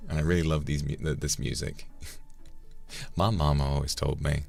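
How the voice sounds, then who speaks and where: A male streamer with an extremely low, deep voice talks casually on a live stream. He muses out loud and stops to thank viewers by name. Soft music plays faintly behind him. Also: level tone, normal speed, vocal fry. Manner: reflective, thanks viewers by name between musings. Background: faint background music.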